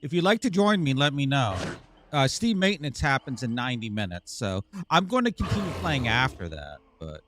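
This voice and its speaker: A man's voice: medium pitch, sing-song, a little fast, fairly bright tone, slight background noise. A man hosting a live game stream, chatting casually and teasing his viewers in a playful way. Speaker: live-stream gamer host.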